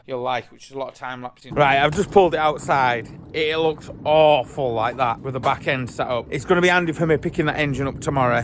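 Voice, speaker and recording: A man hosting a car channel, chatting casually and excitably with a rambling, jokey manner in a garage. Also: mid-range voice, background noise. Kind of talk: casual chat to camera.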